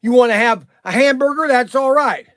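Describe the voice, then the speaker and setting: A man hosting a casual livestream, rambling and animated with many restarts and fillers, talking up his shop plans. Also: very high voice, moderate pace, no echo, studio quality. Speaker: livestream host and shop owner.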